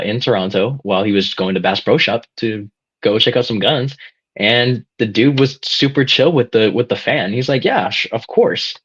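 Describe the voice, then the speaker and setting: A man's voice: medium pitch, fairly bright tone, husky. A man co-hosting a casual sports chat, laid-back and often restarting his sentences. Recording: dull lo-fi sound.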